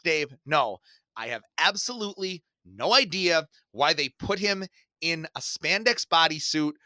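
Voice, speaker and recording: This podcast co-host is an animated storyteller who laughs a lot as he chats casually. His pitch is fairly high, and there's no echo.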